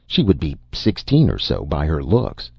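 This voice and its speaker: Deep, gravelly male storyteller. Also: wildly swooping pitch, normal speed, no echo, lo-fi sound. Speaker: narrator. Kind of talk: audio drama reading.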